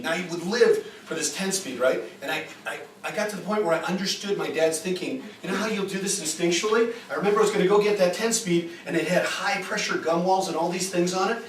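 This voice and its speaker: A man's voice: high-pitched, quick pace, few pauses. Chatty man lecturing in an echoey room. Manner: animated, chatty, rhetorical "right?". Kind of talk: informal lecture with storytelling. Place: group retreat room. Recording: echoey room, distant mic, faint hiss.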